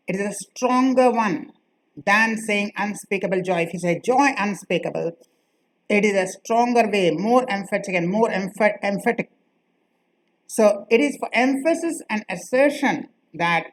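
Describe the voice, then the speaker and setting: A woman teaching a grammar lesson, speaking slowly and repeating key phrases for her students. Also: mid-range voice, poor audio. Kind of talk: classroom lecture.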